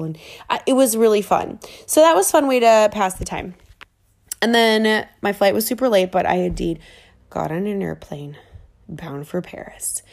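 A woman vlogging in a chatty, excitable way, full of fillers, recording in a rented apartment. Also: medium pitch, moderate pace. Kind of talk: casual travel chat. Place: rented apartment in a big city.

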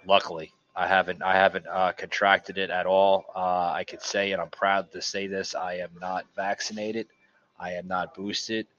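A man's voice: sits low, level tone, moderate pace, a bit bright, muffled recording, a little hiss or hum. A man hosting a casual podcast chat in a studio, talking hesitantly with many fillers and restarts. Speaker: podcast host. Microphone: studio mic.

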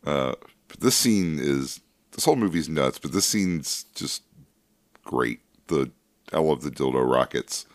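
Very deep-voiced man making wry asides. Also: expressive, measured pace, no room sound, studio quality. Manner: laid-back, wry asides with many hedges and fillers. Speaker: podcast co-host. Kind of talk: casual film discussion podcast.

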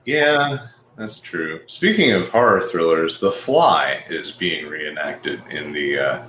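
A man's voice: low-pitched, expressive, slow pace, fairly bright tone. A man joking and laughing often as a guest on a casual podcast. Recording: echoey room with faint noise.

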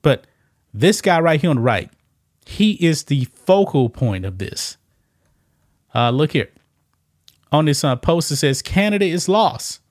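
A man's voice: fairly high pitch, expressive, slow pace, pauses often, a little mellow, dry recording, studio quality. A man giving casual reaction commentary on a video clip, repeating himself and often saying "man". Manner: casual, repetitive, says "man" a lot.

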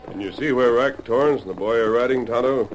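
An actor playing a heroic masked rider giving firm, decisive calls in a classic radio western. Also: male voice, mid-range voice, fairly quick, soft background music, natural voice, rough recording. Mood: watchful. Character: heroic masked rider, commanding adult man.

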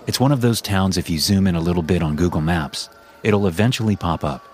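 A man narrating a first-person horror story in a slow, measured, suspenseful way, as the host of his own story channel. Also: sits low, a little mellow, slight background noise.

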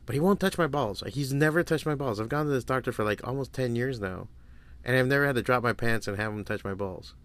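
A man's voice: mid-range voice, fast talker, fairly bright tone. A man in his forties hosting a solo podcast, telling stories in a crude, rambling way and swearing freely. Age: 40s. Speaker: podcast host. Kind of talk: casual solo podcast monologue.

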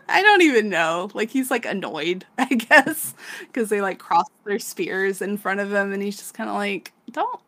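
A woman's voice: medium pitch, expressive, measured pace, fairly bright tone. A woman co-hosting a podcast, casually recapping a manga, laughing often and swearing freely as she acts out the characters. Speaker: podcast co-host.

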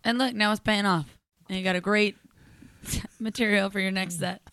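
A woman's voice: mid-range voice, fairly even intonation, a bit bright, dry recording. Woman co-host tossing in jokes. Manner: joking, quick interjections. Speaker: podcast co-host. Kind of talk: casual chat.

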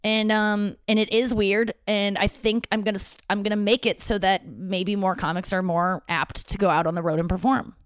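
A woman's voice: medium pitch, level tone, normal speed, hardly any pauses, clear, resonant tone, dry recording, clean studio sound. A woman hosting a podcast, telling stories in a chatty, profane, self-mocking way and quoting other people. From St. Louis area. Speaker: podcast host. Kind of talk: casual storytelling monologue. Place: father's home office.

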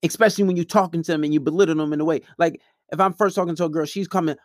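A man's voice: a little high, fairly even intonation, racing, dry recording, studio quality. A man giving blunt, profane relationship advice in a casual, lecturing monologue.

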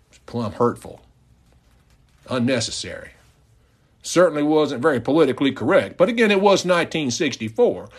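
A man's voice: medium pitch, husky. A man hosting a podcast, retelling a story in a folksy, mock-outraged way. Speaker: podcast host.

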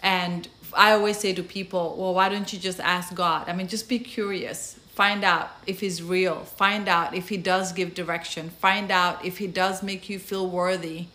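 A woman hosting a faith-based conversation, gently persuasive and encouraging. Her voice sits slightly low but sounds bright and forward. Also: flat delivery, moderate pace, few pauses. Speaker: host.

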